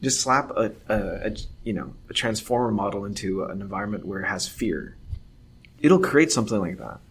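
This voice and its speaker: A man's voice: lowish voice, expressive, brisk, breathy edge. A man co-hosting a podcast, musing in casual chat with restarts. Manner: musing, thinks aloud with restarts. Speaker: podcast co-host.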